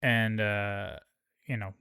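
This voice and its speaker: A man's voice: fairly low pitch, level tone, slow pace, bright, forceful tone, clear, resonant tone, dry recording, studio quality. A man casually recapping a TV episode, slangy and profane, rambling with lots of fillers. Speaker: show host.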